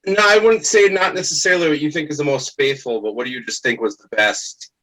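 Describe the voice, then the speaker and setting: A man hosting a casual podcast interview, asking relaxed questions and rephrasing them as he goes. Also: a little high, quick pace, poor audio. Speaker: podcast host.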